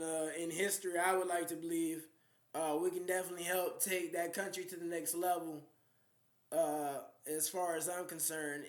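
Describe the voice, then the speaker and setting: Grandiose young man rambling to the camera in a high, bright voice, with a roomy echo around him. He repeats himself and leans on fillers, then stretches certain words out slowly for weight. He sounds defiant and sure of his own importance. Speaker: self-styled spiritual leader addressing world leaders.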